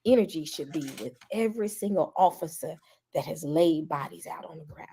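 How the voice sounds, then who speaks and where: A woman's voice: low-pitched, brisk, gravelly, warm tone, breathy edge. A woman in a played clip giving insistent social commentary, full of rhetorical questions and mock asides.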